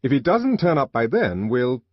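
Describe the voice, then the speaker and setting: A man reading an audiobook, voicing a calm adult man who speaks in a brisk, matter-of-fact way. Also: medium pitch, breathy edge, no echo, muffled recording, voice pushed up. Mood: decisive.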